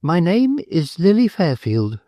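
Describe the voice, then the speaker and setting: A man's voice: a little high, huge pitch swings, measured pace, warm tone, no echo, studio quality, voice pushed up. A man voicing a polite, cheerful young English heiress in an audiobook. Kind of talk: audiobook character voice.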